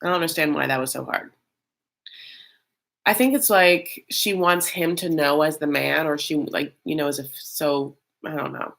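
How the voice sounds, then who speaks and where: A woman with a low voice, vocal fry, and a slightly bright tone hosts a casual reality-show recap at a moderate pace. She's chatty and loose, fills her talk with fillers, and calls the audience "honey."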